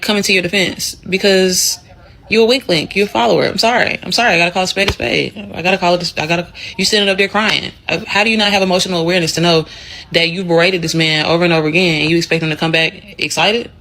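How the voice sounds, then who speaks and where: A woman's voice: medium pitch, fast talker, fairly bright tone, poor audio. A woman co-hosting a casual commentary show. She talks bluntly and with heat, and she curses often as she argues her point. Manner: blunt, profane, heated.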